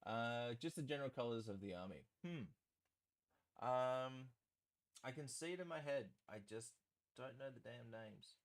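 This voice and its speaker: A man's voice: mid-range voice, animated, moderate pace. A man hosting a live stream, chatting in a rambling, self-deprecating way while he paints.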